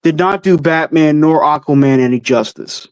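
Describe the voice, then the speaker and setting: Guy answering his chat on stream, blunt, cusses a lot, kinda higher voice, dry sound. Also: normal speed, clean tone, no room sound. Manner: blunt, swears freely, offhand opinions. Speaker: host answering live chat. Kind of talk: casual livestream chat.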